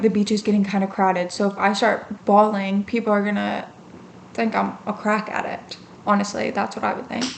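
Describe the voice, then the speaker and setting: A young woman with a fairly high voice chats straight to her camera, telling a story with plenty of "like" and "um". She acts out her own reactions as she goes. A faint hiss of background noise sits under her. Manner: chatty and animated, lots of fillers, acts out her own reactions. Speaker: vlogger. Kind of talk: casual talking-to-camera storytelling.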